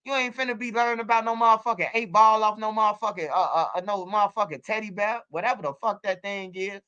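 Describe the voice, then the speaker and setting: A man in his forties chats loosely as a guest, spinning animated stories full of slang and swearing. His voice is bright and forceful with a smooth, crisp tone. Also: high-pitched, fast, lo-fi sound. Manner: animated storytelling, street slang and profanity, frequent restarts. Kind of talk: casual interview chat.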